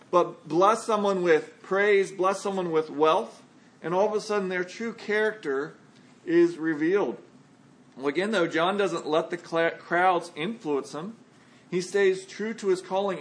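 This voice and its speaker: Male pastor, high voice, relaxed conversational sermon delivery with scripture readings.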